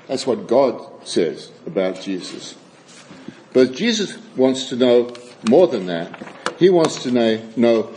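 A man preaching a sermon and reading scripture aloud, with frequent halting restarts and wry, chuckling asides. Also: mid-range voice, big pitch swings, a little mellow, a little hiss or hum, low-quality recording.

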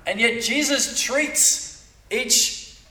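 Man preaching, high bright voice, chatty, repeats himself, echoey room heard from a distance. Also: very slow. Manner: conversational, repeats words, asks "right?" often. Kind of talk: sermon.

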